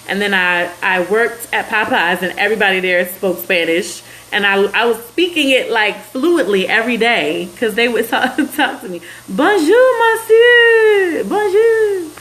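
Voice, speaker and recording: A woman's voice: medium pitch, pushed and bright, low-quality recording. Woman host, chatty and rambling livestream talk, mid-range voice, faint hiss behind. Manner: chatty, laughing, drifts off topic. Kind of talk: casual livestream chat reading viewer comments. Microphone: phone.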